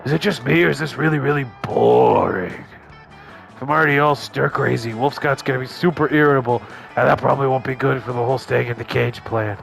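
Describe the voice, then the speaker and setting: A man's voice: medium pitch, brisk, vocal fry, fairly bright tone, faint music behind. A man voicing an earnest, awkward teenage werewolf boy who rambles eagerly and misses every hint.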